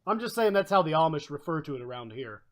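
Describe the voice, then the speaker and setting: A man's voice: a little high, very animated, fast talker, crowd noise. A man from the United States hosting a stream in a joking, casual chat. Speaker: stream host.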